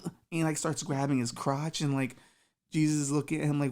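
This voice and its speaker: Woman, low voice, comedy podcast host, rambling improvised story, crude. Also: flat delivery, brisk, a little mellow. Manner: rambling, filler-heavy, crude.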